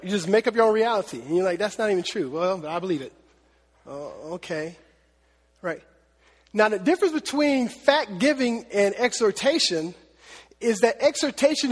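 Husky-voiced man preaching in a reverberant hall. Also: high voice. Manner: conversational teaching, many "right?" and "okay?" asides. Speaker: pastor. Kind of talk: sermon.

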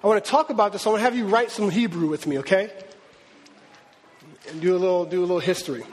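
Animated high-voiced male preacher. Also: quick pace, a little hiss or hum. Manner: animated, conversational, acts out God's voice. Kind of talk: sermon teaching. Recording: long hall reverb.

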